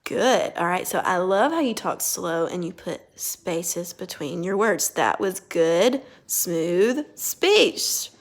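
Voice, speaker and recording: A woman speech therapist guiding a child through a lesson, speaking slowly and deliberately and praising gently. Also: fairly low pitch, lively intonation.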